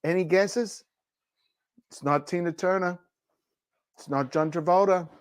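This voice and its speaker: A livestream shopping host with a high, clear, resonant voice speaks at a measured pace, recorded dry with clean studio sound. He runs a casual product show, joking and rambling playfully between demos.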